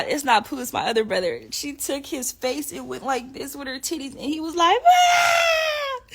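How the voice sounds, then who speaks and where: Gravelly-voiced woman telling a profane story. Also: high voice. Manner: profane, animated, laughs often. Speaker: live streamer talking to viewers. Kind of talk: casual storytelling.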